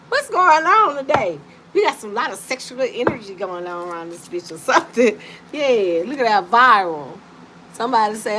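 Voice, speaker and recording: A woman with a mid-range voice speaking at normal speed does a laid-back card reading on a live stream. She addresses viewers in a lively, teasing, foul-mouthed manner, laughing frequently, while steady background noise persists.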